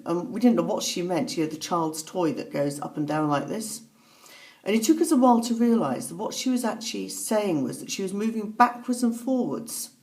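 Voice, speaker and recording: A woman speaking softly and haltingly, telling a personal story as reflective testimony. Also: medium pitch. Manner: soft-spoken, halting, with pauses and fillers. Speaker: author recounting a personal story.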